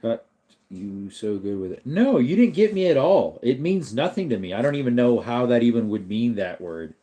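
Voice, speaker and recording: A man hosts a relaxed livestream, rambling as he answers viewers in the chat. His voice sits at a middle pitch. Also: moderate pace. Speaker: livestream host.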